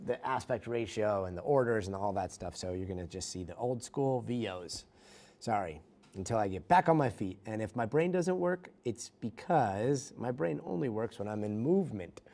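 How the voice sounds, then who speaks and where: A man's voice: on the low side, lively intonation, moderate pace, a little mellow. A middle-aged man, a news anchor, chatting casually with livestream viewers from a studio, self-mocking and reading comments aloud.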